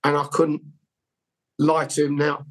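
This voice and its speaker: A man's voice: fairly high pitch, completely flat delivery, measured pace, rough recording. A man guest telling personal anecdotes in a rambling, candid, heartfelt way. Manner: rambling anecdotal, with emotional candour. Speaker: interview guest. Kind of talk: conversational storytelling.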